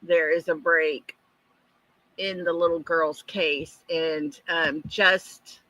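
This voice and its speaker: A woman's voice: low-pitched, fairly even intonation, slow, sharp tone, muffled recording. A woman hosting a casual livestream, out of breath and chatty as she greets viewers by name. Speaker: livestream host.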